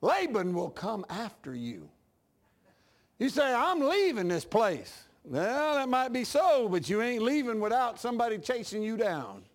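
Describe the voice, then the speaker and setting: High-pitched folksy preacher man. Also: very animated, unhurried. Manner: folksy storytelling preacher, acts out dialogue, laughs at his own jokes. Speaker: pastor. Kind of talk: sermon.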